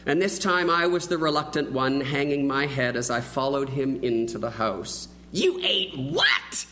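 A man preaching a sermon, telling a childhood story with lively, acted-out delivery. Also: medium pitch, normal speed, slight background noise, rough recording. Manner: animated storyteller who acts out the quoted voices.

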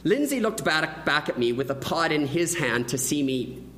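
A man delivers a sermon as a vivid personal story. His pitch rises and falls freely as he acts out the moments. A soft mains hum sits faintly underneath. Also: moderate pace, poor audio. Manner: animated storyteller who acts out the quoted voices. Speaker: preacher.

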